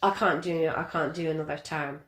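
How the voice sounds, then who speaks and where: A woman's voice: low-pitched, fairly quick, reverberant, a little hiss or hum. Chatty Scottish woman co-host. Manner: animated storyteller, laughs a lot. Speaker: podcast co-host. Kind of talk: casual chat.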